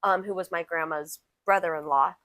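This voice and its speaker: A woman's voice: on the low side, steady tone, normal speed, fairly bright tone, slight background noise. A young adult woman co-hosting a podcast, chatting casually and telling a family story, slangy and full of fillers. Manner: slangy, filler-heavy, laughs easily. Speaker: podcast co-host.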